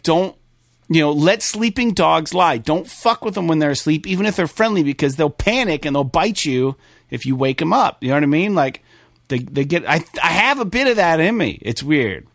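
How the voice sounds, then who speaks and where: A young adult man hosting a podcast, telling a story in a loose, swearing, animated way with many fillers. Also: fairly high pitch, moderate pace, dry recording, clean studio sound. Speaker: podcast host. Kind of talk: casual podcast chat.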